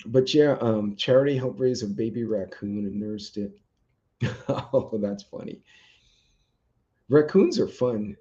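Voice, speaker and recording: A man's voice: lowish voice, warm tone. Man rambling on a lo-fi live stream. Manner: rambling, chatty, with frequent ums. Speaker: livestream host. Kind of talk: casual live chat reacting to viewer comments. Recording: dull lo-fi stream audio.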